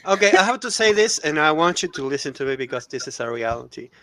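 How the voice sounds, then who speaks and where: A man with a Spanish-speaking accent, a native Spanish speaker, telling animated anecdotes in casual chat. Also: fairly high pitch, quick pace.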